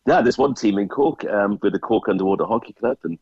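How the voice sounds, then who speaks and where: A Welsh man with a deep, slightly husky voice talks as a radio guest. He explains things in an easy, chatty way, now and then stumbling over a repeated word. The sound is dry and a little dull. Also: fairly quick, a little mellow, dry recording. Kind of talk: casual radio phone chat.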